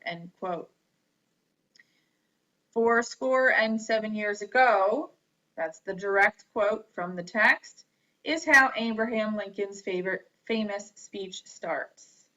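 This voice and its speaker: A woman teaching a grammar lesson, reading out rules and examples deliberately and spelling words letter by letter. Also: fairly high pitch, sharp tone. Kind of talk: slow classroom lecture on grammar. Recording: dull lo-fi recording.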